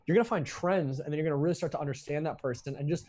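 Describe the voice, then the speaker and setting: A man's voice: fairly high pitch, darkish tone. A young man talking as a guest in a casual interview, rambling with restarts and frequent swearing. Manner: rapid, profane, rambling with restarts. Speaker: entrepreneur guest.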